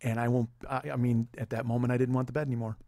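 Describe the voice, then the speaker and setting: A man's voice: mid-range voice, flat delivery, very fast, warm tone, no room sound, clean studio sound. A man in his forties, a podcast host, telling a rambling, profane, self-deprecating comedic story. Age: 40s.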